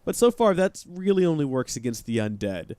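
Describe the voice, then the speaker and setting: Live let's-play host: chatty man, lively pitch, dry close sound. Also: brisk, smooth, no echo. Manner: chatty, joking, reads chat aloud. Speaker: streamer playing a game.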